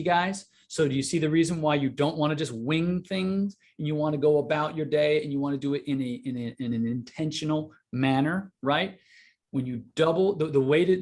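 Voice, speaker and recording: Brief: male sales coach, mid pitch, upbeat teaching delivery, keeps asking "right?". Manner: energetic, repeats "right?" to the audience. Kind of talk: live online sales training.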